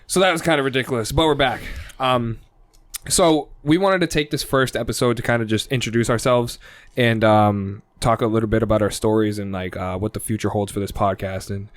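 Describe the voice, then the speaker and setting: A man's voice: on the low side, steady tone, a little fast, no echo. A young man hosting a casual podcast chat, rambling with lots of fillers. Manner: rambling, filler-heavy, says "like" often. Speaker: podcast host.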